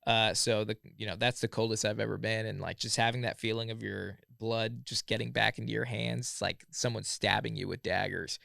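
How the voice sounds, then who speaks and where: A man in his thirties with a heavily gravelly, fry-laden voice spins loose stories as a podcast guest, peppering everything with "like." The sound is close and dry, with no room around it. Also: fairly low pitch, flat delivery, brisk, few pauses, bright, forceful tone, no room sound. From Southern California. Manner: laid-back, full of "like" and "yeah, yeah, yeah". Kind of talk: casual storytelling chat.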